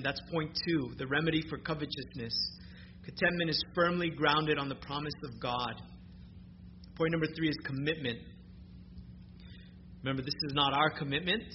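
A man preaching a sermon as a pastor, emphatic and rising on key phrases. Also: on the high side. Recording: muffled recording with clear background noise.

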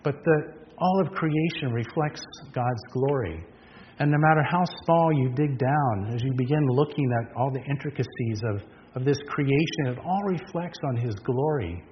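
A man's voice: mid-range voice, moderate pace. A man preaching a sermon, earnest and emphatic, asking the congregation rhetorical questions. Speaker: pastor. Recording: dull lo-fi sound with long reverb and faint noise.

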